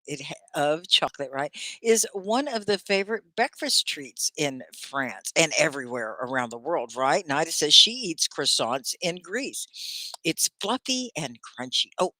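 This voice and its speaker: Animated woman teaching English live. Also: on the low side, no echo. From Texas. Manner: animated and gushing, reading viewers' comments aloud. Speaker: ESL teacher hosting a live class. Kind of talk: live online English lesson, chatting with viewers.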